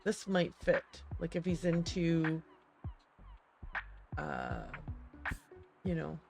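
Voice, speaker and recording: A woman's voice: deep voice, huge pitch swings, drawn-out words, gravelly, music in the background. A woman streamer playing a game, chatty and hesitant as she thinks aloud and reads game text. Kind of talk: let's-play commentary and reading game text.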